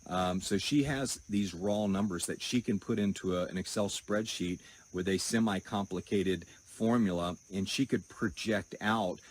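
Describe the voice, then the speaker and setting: A man's voice: deep voice, moderate pace, a little hiss or hum, low-quality recording. A man hosting his own channel, talking to camera in a chatty, explaining way with asides and frequent "okay"s. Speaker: crypto channel host. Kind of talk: casual to-camera monologue.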